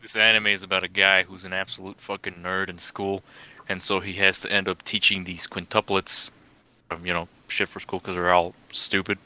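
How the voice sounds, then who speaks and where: A man chatting as a podcast guest in a brash, excitable way, swearing freely while summing things up. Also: low-pitched, normal speed. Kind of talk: casual chat.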